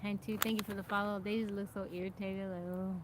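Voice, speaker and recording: An American woman hosts a casual live stream from outdoors, chatting along and greeting viewers by name. Her voice sits at an ordinary middle pitch. Clear outdoor noise runs beneath her talk. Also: level tone, fast. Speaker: livestream host. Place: outdoors in nature.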